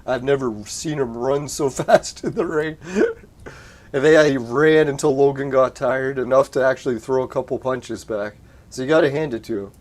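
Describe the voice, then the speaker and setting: Man, casual streamer, relaxed and profane, home desk mic. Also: mid-range voice, normal speed. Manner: laid-back, swears and laughs often. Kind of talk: casual live-stream chat. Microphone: desk mic through a soundboard.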